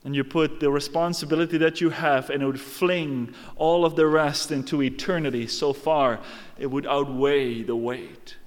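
A man's voice: fairly high pitch, in a large hall. A man preaching a sermon with emphatic, dramatic storytelling and rhetorical questions.

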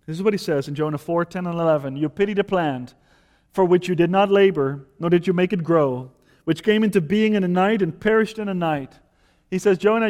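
A man's voice: sits high, a little mellow, in a large hall. A man preaching a sermon with impassioned, rising appeals to his listeners.

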